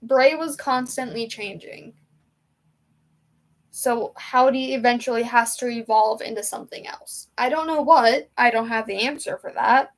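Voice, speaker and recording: A woman's voice: fairly high pitch, a little slow. A young woman hosting a casual livestream from home, chatting to her viewers in a rambling, emotional way. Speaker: livestream host. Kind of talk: casual chat with live chat.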